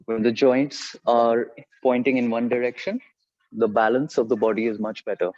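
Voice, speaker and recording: A man leading a live fitness class, giving clear instructions and counting repetitions aloud in an encouraging, direct way. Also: mid-range voice, fairly even intonation, normal speed, darkish tone, muffled recording.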